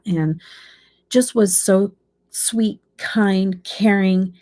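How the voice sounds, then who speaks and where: A woman's voice: medium pitch, fairly even intonation, very slow, dark tone. A middle-aged woman chatting casually to her viewers, rambling and emotional as she tells a story about her son. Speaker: beauty channel host. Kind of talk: casual chat.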